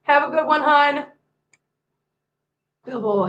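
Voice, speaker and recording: A woman's voice: a little high, moderate pace, long pauses, slight background noise, low-quality recording. A woman hosting a casual live-stream chat, talking in long rambling runs and repeating herself. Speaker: host of a cat channel live stream.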